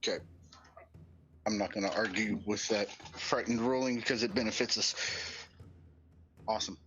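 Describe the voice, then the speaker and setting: A man's voice: fairly low pitch, steady tone, normal speed, fairly bright tone, highs cut off, a little hiss or hum. An easygoing man taking his turn as a player in a tabletop game, thinking aloud. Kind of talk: casual chat during a tabletop game.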